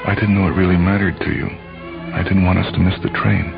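A man reading aloud, voicing a gentle, quietly stubborn young wife in a soft, pleading tone over a dull, lo-fi radio recording. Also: sits low, little pitch movement, fairly quick, gravelly, music in the background. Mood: tearful.

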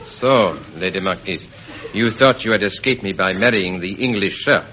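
A man's voice: sits low, normal speed, close to an everyday voice. Guy doing a sleazy cartoonish french revolutionary, heavy fake french accent, muffled old tv sound with hiss. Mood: scheming. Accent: put-on comic French. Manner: leering, punning, theatrical. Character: lecherous scheming French revolutionary envoy, male. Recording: muffled old broadcast, hiss, audience laughter.

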